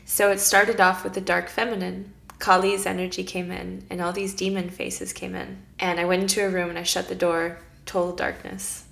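Woman, podcast guest, spiritual circle leader, emotional earnest storytelling, lowish gravelly voice. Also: little pitch movement, normal speed, few pauses, fairly bright tone. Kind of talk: casual podcast conversation.

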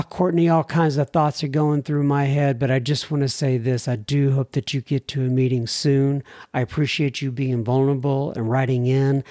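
A man's voice: medium pitch, warm tone, no echo, studio quality. A man hosting a podcast, reading listener letters and answering in a rambling, self-deprecating way with many fillers and restarts. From United States. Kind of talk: casual solo podcast talk.

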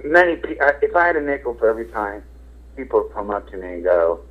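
Very animated and fast, a middle-aged radio host and comedian from Philadelphia rambles through a frank, casual interview in a mid-range voice, dropping fillers and swearing casually. The recording has a tinny, phone-like radio tone.

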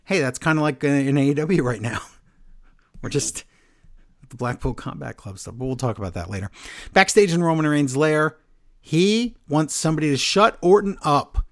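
A man's voice: fairly high pitch, normal speed. A man co-hosting a podcast, recapping wrestling in casual chat and acting out quotes for laughs. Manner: animated, jokey, acts out quotes. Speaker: podcast co-host.

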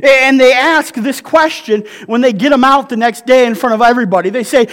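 A man's voice: very high voice, fairly quick, hardly any pauses, a bit bright, in a large hall. A male pastor preaching a sermon in a conversational way, reading scripture and often checking in with the congregation with "right?".

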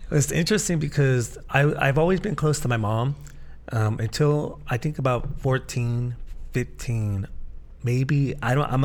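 A man's voice: medium pitch, a little mellow. A man, a podcast co-host and pastor, telling his life story in casual conversation, earnest and full of restarts. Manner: earnest, with frequent restarts and fillers.

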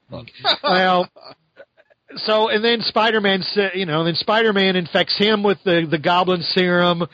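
A man's voice: high voice, pushed and bright, dry recording, muffled recording. A man hosting a podcast, reviewing a comic book in a rambling, sarcastic way and laughing often. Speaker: podcast host.

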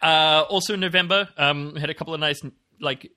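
Aussie guy cohosting a pod, rambly, lots of ums, swears a bit, super bright voice. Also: a little high, fairly even intonation, brisk. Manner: rambling, sweary, with many fillers. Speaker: podcast co-host. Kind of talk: casual chat.

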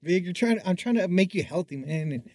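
A man's voice: sits high, expressive, normal speed, darkish tone, dry recording, clean studio sound. A man co-hosting a podcast, telling awkward stories about himself with lots of laughs and self-deprecating jokes. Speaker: podcast co-host. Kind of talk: casual chat.

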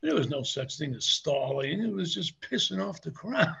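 A man's voice: a little high, big pitch swings, moderate pace, gravelly, bright, forceful tone, slightly rough. An older man, a former wrestler, telling rambling anecdotes in an interview, chuckling often and restarting his sentences. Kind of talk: casual anecdotal storytelling.

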